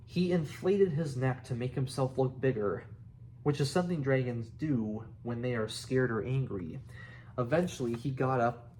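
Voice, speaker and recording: A man slowly reading a children's novel aloud, halting and correcting himself now and then. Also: medium pitch, darkish tone, slight background noise. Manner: slow, halting reading with restarts. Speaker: reader.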